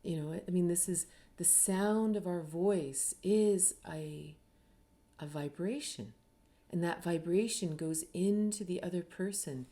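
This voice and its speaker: A woman's voice: fairly low pitch, dark tone. A middle-aged woman from Canada, an author giving an earnest, reflective talk and briefly acting out the people she quotes. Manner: earnest, acts out quoted voices. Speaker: author and speaker.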